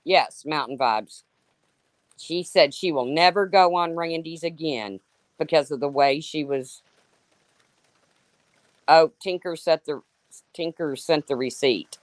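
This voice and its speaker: A woman's voice: low voice, takes it slowly, pauses often, no echo. A woman hosting a livestream, sarcastically calling out a rival and answering her chat by name. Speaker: livestream host. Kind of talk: confrontational livestream rant.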